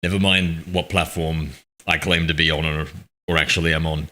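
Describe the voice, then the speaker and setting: A man's voice: a bass voice, flat delivery, moderate pace, bright, forceful tone. A man live-streaming a game, chatting casually with his viewers in a rambling, self-deprecating way and reading their messages aloud. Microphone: streaming mic with noise suppression filter.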